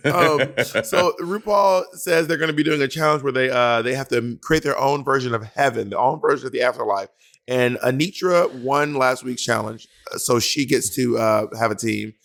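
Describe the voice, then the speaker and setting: A man co-hosting a loose comedy recap, rattling off his takes fast with plenty of swearing. He slips into sassy impressions of the people he is talking about. His voice sits at an ordinary pitch for a man. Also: gravelly. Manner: fast, animated, profane, switches into sassy quoted voices. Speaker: podcast co-host; touring comedian. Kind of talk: casual comedic recap chat.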